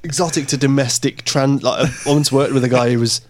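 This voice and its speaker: A man's voice: medium pitch, steady tone, fairly quick. A man hosting a casual podcast, chatty and jokey, with swearing in his stories.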